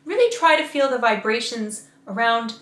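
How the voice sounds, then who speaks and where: A woman voice coach leading a guided vocal warm-up lesson, giving slow, carefully enunciated instructions and demonstrating each exercise. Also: fairly high pitch, expressive, echoey room.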